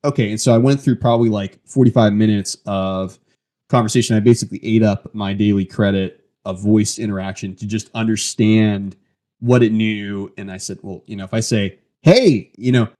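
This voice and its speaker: A man's voice: lowish voice, fairly even intonation, normal speed, dark tone. A man hosting a casual tech podcast, talking conversationally and reading a post aloud. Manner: conversational, reads a post aloud, frequent restarts. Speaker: podcast host.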